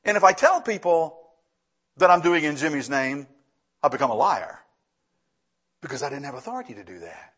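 A man's voice: a little high, very animated, moderate pace, long pauses, a bit bright, breathy edge. A male pastor preaching a sermon, telling a story with acted-out dialogue and repeating phrases for emphasis.

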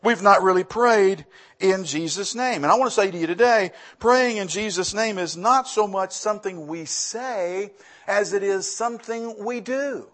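A man's voice: high-pitched, moderate pace, a bit bright. A male pastor preaching a sermon, telling a story with acted-out dialogue and repeating phrases for emphasis.

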